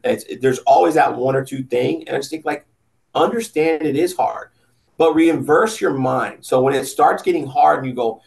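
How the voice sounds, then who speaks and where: Gravelly, blunt-talking man. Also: mid-range voice, moderate pace, poor audio. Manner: blunt, animated, swears casually. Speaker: podcast guest, business owner. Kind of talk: casual motivational talk.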